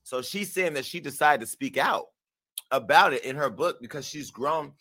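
Gossip host, man, bright forceful voice, sassy and profane, dry close sound. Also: mid-range voice, moderate pace, no room sound. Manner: sassy, profane, animated, laughs at himself. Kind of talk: brash gossip commentary.

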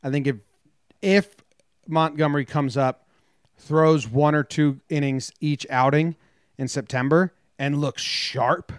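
A man's voice: a little high, fairly even intonation, measured pace, smooth, no room sound. Dry, teasing male podcast co-host. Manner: joking, teasing, reads ad copy playfully. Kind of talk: casual sports chat.

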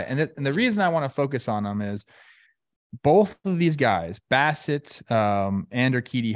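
A man co-hosting a casual baseball talk show, rambling and joking in an animated way. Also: on the low side, dry recording, clean studio sound. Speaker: baseball analyst and co-host.

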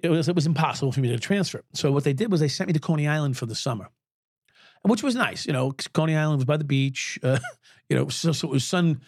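A man's voice: on the high side, dry recording, clean studio sound. A man in his sixties, a former police officer and podcast guest, telling candid stories bluntly, swearing freely and chuckling as he talks. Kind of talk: candid conversational storytelling. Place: podcast studio.

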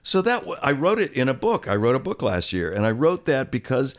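A man in his sixties, an actor guest telling an animated anecdote and acting out other people's voices. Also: mid-range voice, a little fast. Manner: animated storyteller, acts out quoted voices. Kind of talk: conversational anecdote.

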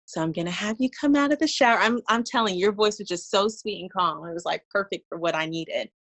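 A young woman laughs and gets animated while sharing her birth story casually, performing her own past lines. She speaks fast in a mid-range voice.

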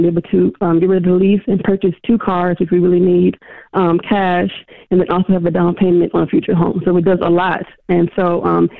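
Female caller, hesitant, gravelly edge, tinny phone line. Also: on the low side, no echo. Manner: hesitant, many um fillers. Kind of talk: phone-in question.

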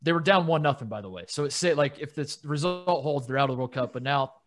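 Lively rambling male sports podcaster. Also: a little high, quick pace. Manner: rambling storyteller, laughs often. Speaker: podcast co-host. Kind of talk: casual sports chat.

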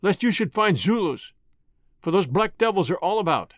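A loyal male servant gives a wary, respectful warning, as a man reading an audiobook puts him on. The voice sits high, and the recording is close and dry. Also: sing-song, normal speed, no echo.

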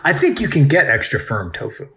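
A man's voice: medium pitch, very animated, a little fast, creaky, pushed and bright. Joking, playful male podcast host. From United States. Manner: playful, swears casually, jokey. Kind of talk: casual chat.

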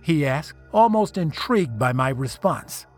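A man's voice: fairly high pitch, sing-song, measured pace, slightly rough, faint music behind. Man narrating a dramatic first-person story. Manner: dramatic, emotional reading.

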